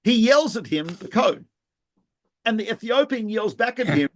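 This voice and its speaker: With a high voice at normal speed, this middle-aged rabbi swaps lively tales as a podcast co-host. He laughs and restarts sentences throughout the easygoing talk.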